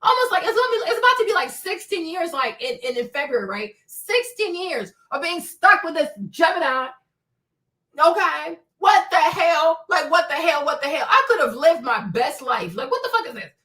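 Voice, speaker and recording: A woman's voice: very high voice, sing-song, moderate pace, pushed and bright, distant mic. Sassy, profane woman ranting on livestream. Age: 40s. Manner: blunt, profane, sassy, laughing often. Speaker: livestream host. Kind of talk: unscripted livestream rant.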